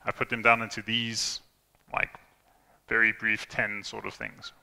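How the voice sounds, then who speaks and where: Speaking a little slowly with a completely flat delivery, this young man has a low voice with vocal fry and a pushed, bright quality. His informal tech talk to a conference audience is chatty, with lots of fillers, restarts, and acted-out quotes, all echoing in a reverberant hall.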